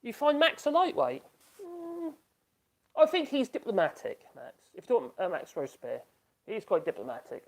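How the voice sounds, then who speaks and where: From his home workshop, a man runs a casual live stream, chatting loosely, laughing often, and reading out viewer comments to react to them. His voice sits high and sing-song, with vocal fry, at a moderate pace.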